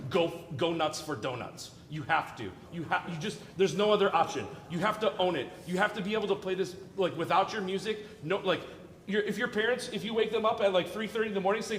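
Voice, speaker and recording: A man's voice: high-pitched, fairly bright tone, a little hiss or hum. A man coaching a student orchestra in rehearsal, joking and counting and singing rhythms aloud. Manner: playful, jokey, counts and sings rhythms aloud. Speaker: guest orchestra clinician. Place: large hall with student orchestra. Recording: echoey hall, orchestra playing, from a distance. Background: orchestra music.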